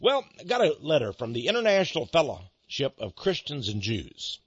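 A man's voice: mid-range voice, huge pitch swings, moderate pace, husky, no room sound. A male pastor giving a folksy, storytelling sermon on a dull, lo-fi recording. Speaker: pastor and ministry head. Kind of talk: radio sermon monologue.

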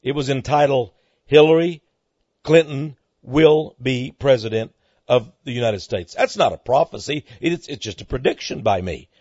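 A man hosting a monologue commentary, speaking emphatically and climbing into excited outbursts, on a dull lo-fi recording. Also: mid-range voice, normal speed, no echo. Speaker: commentary host.

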